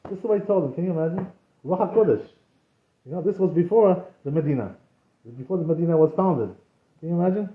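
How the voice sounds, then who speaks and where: A rabbi gives a relaxed Torah class, talking in a loose conversational way and dropping Hebrew terms into his English. His voice sits a little high for a man. The recording is dull and lo-fi, with a roomy echo around him. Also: fast talker, long pauses. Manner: conversational, peppered with "you know" and Hebrew terms. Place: synagogue. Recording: echoey room, dull lo-fi sound.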